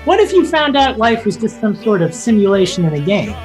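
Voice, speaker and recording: A man's voice: high-pitched, big pitch swings, over music. A man co-hosting a podcast in casual, upbeat, joking chat. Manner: upbeat, jokey, quick to laugh. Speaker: podcast co-host.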